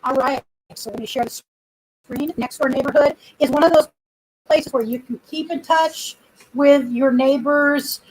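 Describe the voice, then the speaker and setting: Woman, high-pitched, casual livestream host, rambling storytelling, built-in computer mic. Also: unhurried, a little hiss or hum, rough recording. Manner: rambling storyteller, chatty with viewers. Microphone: computer built-in mic, no external microphone.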